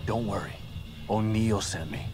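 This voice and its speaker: A man's voice: lowish voice, a little slow, music in the background, close to an everyday voice. An actor playing a weary, guarded male detective who talks in short, clipped questions.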